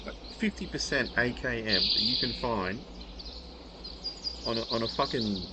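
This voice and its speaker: During live gameplay commentary, a young streamer swears and vents in exasperation over poor loot. He speaks at a normal speed with a medium pitch and long pauses, over loud music and loud game sounds.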